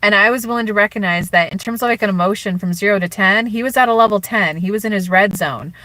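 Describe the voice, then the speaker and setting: A woman talks through relationship advice on a live stream, chatty and loose, with lots of "like" and "you know". Her voice is bright and forward. The sound is dry, with no room echo. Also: medium pitch, fast. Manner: acts out quoted speech in changed voices. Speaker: relationship and spiritual coach.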